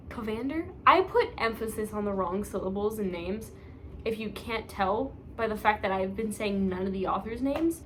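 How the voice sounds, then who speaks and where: A woman's voice: medium pitch, expressive, moderate pace, a bit bright, slight background noise. A young woman vlogging casually about her reading pile, rambling, self-mocking and full of fillers. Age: young adult. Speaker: book vlogger. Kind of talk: casual chat.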